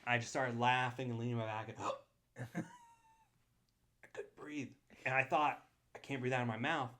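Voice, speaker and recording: A young man tells a story from his school days to his friends, full of life. His voice is bright and forceful, and he jumps into the voices of the people in his story. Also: medium pitch, fairly quick. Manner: animated storyteller, acts out quotes. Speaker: podcast co-host. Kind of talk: casual storytelling among friends.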